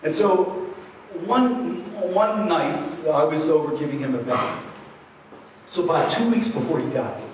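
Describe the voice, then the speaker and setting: A man's voice: a little high, lively intonation, unhurried, a little hiss or hum. A man giving a presentation, telling stories in an earnest, conversational way, full of asides. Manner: earnest, many asides and "you know"s. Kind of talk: conversational storytelling talk. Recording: echoey hall, distant dull mic.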